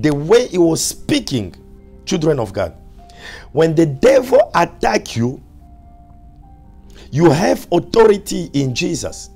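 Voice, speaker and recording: A male pastor preaching a sermon, repeating his points with emphasis and dropping to soft, low asides. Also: creaky, slightly rough.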